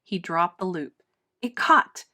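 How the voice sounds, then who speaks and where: A woman reading a children's storybook aloud with dramatic, expressive narration. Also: fairly low pitch, slow. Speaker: storybook reader. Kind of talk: children's book read-aloud.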